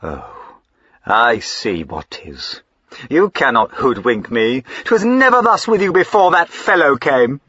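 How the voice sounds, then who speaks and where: A man reading aloud, voicing a pompous, hot-tempered country squire who blusters loudly and shrilly. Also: medium pitch, very animated, slow, breathy edge, no echo, lo-fi sound, voice pushed up, full character voice. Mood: angry.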